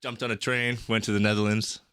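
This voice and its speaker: Young guy on a podcast, swears a lot, rambles through his stories, bright forceful voice, dry close mic. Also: fairly low pitch, level tone, brisk, clear, resonant tone, no room sound. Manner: profane, rambling storyteller. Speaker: podcast guest. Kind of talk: casual podcast chat.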